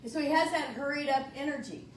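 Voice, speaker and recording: Woman pastor, slightly high voice, folksy and searching, distant mic in a reverberant sanctuary. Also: quick pace, a little hiss or hum. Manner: folksy, searching, repeats words when restarting. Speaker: minister. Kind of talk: conversational sermon. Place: church sanctuary. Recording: roomy church sound from a distant mic.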